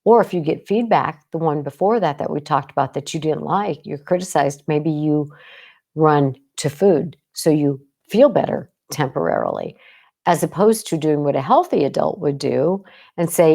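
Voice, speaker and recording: A woman's voice: low-pitched, sing-song, moderate pace, gravelly, darkish tone. A woman psychologist hosting a podcast, talking casually and intensely, checking in with "right?" and acting out quoted lines of speech. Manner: intense, emphatic, with frequent "right?" check-ins. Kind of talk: casual talk.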